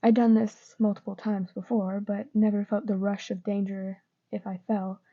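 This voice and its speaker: Woman reader, fan fiction; subdued, monotone, muffled lo-fi audio. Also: mid-range voice, moderate pace. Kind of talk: reading fan fiction aloud. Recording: dull lo-fi recording.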